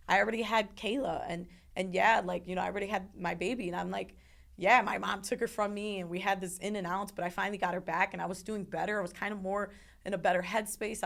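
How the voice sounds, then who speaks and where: A woman's voice: mid-range voice, vocal fry. A young woman telling a painful personal story as an interview guest, earnest and repetitive, sometimes acting out what others said. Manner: earnest, repeats words, acts out others' voices.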